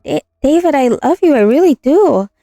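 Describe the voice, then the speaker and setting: A woman's voice: sits high, expressive, normal speed, mellow, dry recording, pitched above the performer's own voice. A woman voicing a frightened young woman in a game who pleads desperately with her partner, recorded dry. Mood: pleading.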